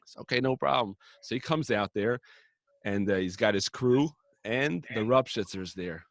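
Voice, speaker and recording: A man casually telling a story on a podcast, acting out the characters' quotes in lively voices. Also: lowish voice, moderate pace, no echo. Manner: animated, acts out characters' quotes. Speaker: podcast co-host.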